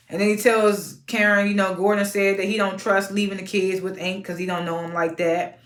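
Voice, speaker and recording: A woman giving a casual, outspoken recap of a reality TV episode, animated and prone to sudden high-pitched exclamations. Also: moderate pace, roomy sound. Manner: informal and outspoken.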